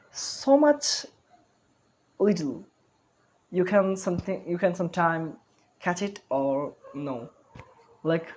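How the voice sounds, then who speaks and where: A man's voice: sits high, a little mellow, poor audio. A man giving an online spoken English lesson, talking carefully, repeating words and correcting himself as he goes.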